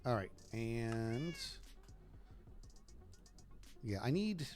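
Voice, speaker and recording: A man's voice: mid-range voice, slow pace, faint music behind. A man streaming a video game live, joking and talking to himself as he plays. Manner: animated, joking, talks to himself while playing. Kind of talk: live gaming commentary.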